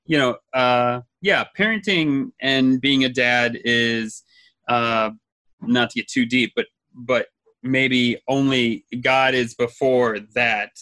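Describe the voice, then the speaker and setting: A man's voice: medium pitch, fairly even intonation, slow, pushed and bright, no room sound. A man in his thirties co-hosting a casual podcast, rambling and laughing often. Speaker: podcast co-host. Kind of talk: casual chat.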